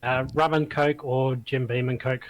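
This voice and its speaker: A man's voice: medium pitch, steady tone, normal speed, dry recording, low-quality recording. An Australian man speaking as a guest, laid-back and wry in casual conversation. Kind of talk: casual chat.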